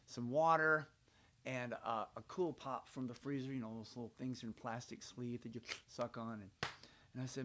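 An older storyteller from Georgia, with a Southern accent, tells kids playful folk tales by his fireplace. His medium-pitched voice is steady and a bit bright at a moderate pace, and there's a little hiss or hum in the recording. He's chatty and given to rambling.

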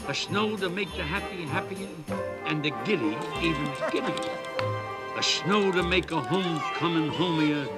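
A man's voice: on the high side, normal speed, natural voice. An older man voicing a kindly, grandfatherly storyteller who narrates a cartoon. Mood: gentle. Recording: soundtrack with music behind. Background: cartoon music.

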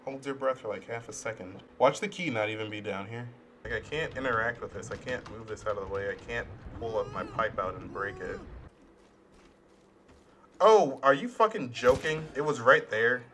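A young man hosts a gaming channel, giving casual let's play commentary at normal speed in an expressive, mid-range voice with a sharp tone, over slight background noise. He's profane and sarcastic, swearing frequently, joking around, and talking back at the characters as he plays.

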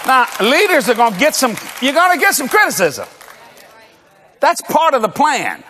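A man's voice: very high-pitched, huge pitch swings, moderate pace, sharp tone, a faint crowd, slight background noise. An older man preaching a comedic sermon, telling stories and acting out dialogue with bursts of laughter. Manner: storytelling with acted dialogue and frequent laughter. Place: large church auditorium. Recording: long echo of a large church hall.

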